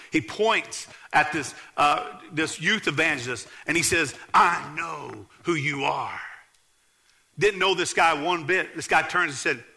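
A man, preaching a sermon as pastor in a church, earnestly emphatic and dropping low to tell stories. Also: pushed and bright. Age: 40s.

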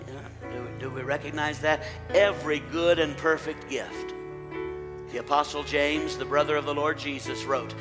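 A middle-aged man leading a church service as pastor, praying and welcoming his congregation, his voice rising and growing louder when he rallies the room. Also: medium pitch. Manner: warm pulpit delivery, rising loud when rallying the congregation. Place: church sanctuary. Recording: long church reverb with faint instrumental music.

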